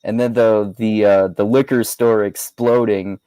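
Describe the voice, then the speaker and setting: Man, low voice, dry close sound, casual movie chat, relaxed, chuckling. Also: measured pace, clear, resonant tone, no echo, low-quality recording. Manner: relaxed, chuckling, many fillers. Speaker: podcast host.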